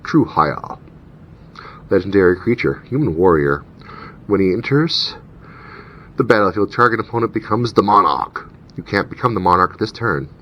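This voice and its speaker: A man casually reading out card names and rules text, with chatty asides between them. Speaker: channel host opening card packs. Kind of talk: casual unboxing commentary. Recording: dull lo-fi recording with faint rumble.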